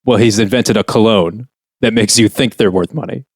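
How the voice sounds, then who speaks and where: Here a man narrates his own comedy script on the podcast he co-hosts, chatting casually and standing up for it while laughing earnestly. His voice sits lowish and husky at a normal speed. The sound is clean studio audio without echo.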